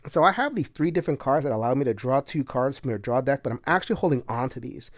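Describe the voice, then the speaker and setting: A man's voice: medium pitch, lively intonation, quick pace, no room sound. Guy narrating a solo board game, lots of uhs, close dry mic, mid voice. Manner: chatty, many "uh" fillers, bursts of laughter. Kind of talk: casual solo playthrough commentary.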